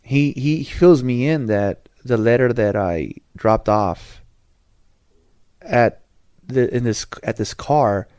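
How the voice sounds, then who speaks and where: A man's voice: medium pitch, slow pace, darkish tone, clean tone, no room sound, studio quality. A man hosting a podcast, telling a rambling personal story in casual slang, with restarts and asides. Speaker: podcast host.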